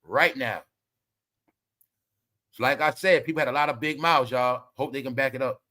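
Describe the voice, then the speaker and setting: Ranting preachy man, bright tense voice. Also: medium pitch, normal speed. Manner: preachy, blunt, addresses viewers as y'all; swears freely and repeats himself. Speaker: commentary vlogger. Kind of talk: ranting commentary monologue.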